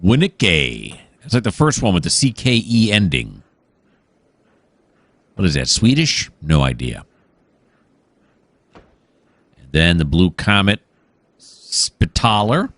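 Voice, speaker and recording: A male gaming host gives casual let's-play commentary. His voice sits low but rises and falls in lively swings. He rambles, stops to muse aloud, and fills pauses with plenty of uhs. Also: no room sound. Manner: rambling, easily distracted, musing aloud with many fillers.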